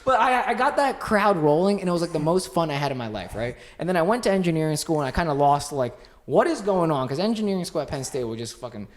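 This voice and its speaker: A man's voice: a little high, expressive, quick pace, few pauses. A young adult man from the United States hosting a podcast, chatting casually and laughing easily, with a lot of filler words. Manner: laughs easily, lots of fillers like "like" and "you know". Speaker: podcast host. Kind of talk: casual chat.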